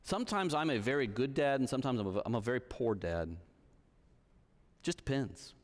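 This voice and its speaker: A man's voice: medium pitch, lively intonation, normal speed. A man in his thirties preaching a sermon in a church hall, telling stories conversationally and checking in with his listeners. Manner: conversational storytelling, checks in with the audience.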